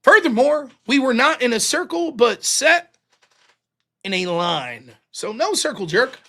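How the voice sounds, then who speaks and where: A male livestream host in casual commentary, swinging his pitch widely as he rants. His voice is bright and sharp, full of profanity and laughter. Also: unhurried. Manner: animated profane ranting, laughs often.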